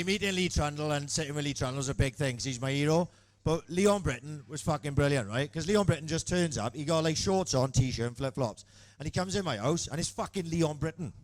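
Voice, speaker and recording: A man co-hosting a live podcast, chatting excitably and swearing heavily. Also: on the high side, a little fast. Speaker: podcast co-host. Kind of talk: casual live podcast banter.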